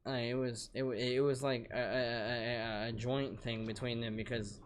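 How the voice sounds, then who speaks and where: A young man talks through a late-night game stream at home, venting and rambling with plenty of profanity. His voice sits at a middle pitch, with a faint hiss of noise behind it. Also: little pitch movement, normal speed. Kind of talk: casual live-stream chat.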